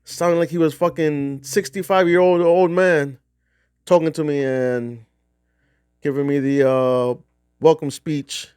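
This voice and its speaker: A man's voice: a little high, fairly even intonation, unhurried, a little mellow, clean tone, no echo, clean studio sound. A middle-aged man from New Jersey casually telling a rambling, profane golf trip story. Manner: rambling, profane, restarts often. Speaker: golf vlogger.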